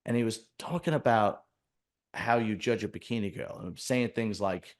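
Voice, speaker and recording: A man's voice: fairly low pitch, moderate pace. A man hosting a podcast in casual chat, rambling and blunt with many restarts. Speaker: podcast host.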